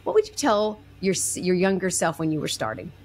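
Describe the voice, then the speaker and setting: A woman's voice: fairly low pitch, very animated, brisk, darkish tone. A woman co-hosting a podcast who reacts readily, laughs and agrees with her guest. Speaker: co-host. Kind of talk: casual podcast chat.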